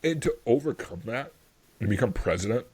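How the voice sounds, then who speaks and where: A man's voice: medium pitch, lively intonation, fairly quick, a little mellow, husky. A man hosting a history podcast, chatting casually and enthusiastically, rambling with many fillers. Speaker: podcast host.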